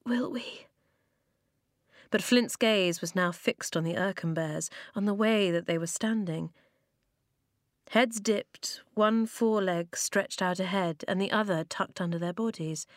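A woman narrating a children's storybook in a measured way, slowing down for emphasis, on a close microphone. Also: lowish voice, no room sound. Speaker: audiobook narrator.

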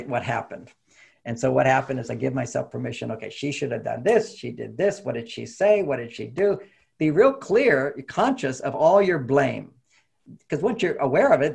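Older man, gravelly, husky, animated, acts out quoted dialogue, relationship talk. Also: mid-range voice. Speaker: relationship author guest. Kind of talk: casual interview talk.

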